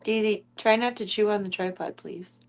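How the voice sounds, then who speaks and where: A woman's voice: mid-range voice, normal speed. A young woman streamer chatting casually and cooing in baby talk at her kittens, often giggling. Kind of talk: casual chat with her cats.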